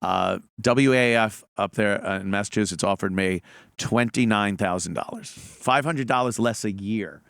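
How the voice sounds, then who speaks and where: A man's voice: on the low side, normal speed, creaky, smooth, dry recording, clean studio sound. A middle-aged man telling profane stories in a casual chat, acting out the quotes in them. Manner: profane, animated, acts out quotes. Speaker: comedian guest telling stories.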